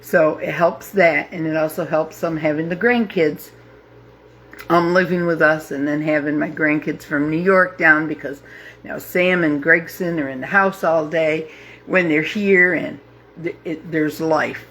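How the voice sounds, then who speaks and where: Slow, halting woman in her fifties. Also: low-pitched, steady tone, a bit bright. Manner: slow, halting, with many pauses and fillers; heartfelt, openly emotional. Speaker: grief support group host. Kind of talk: live casual talk to viewers.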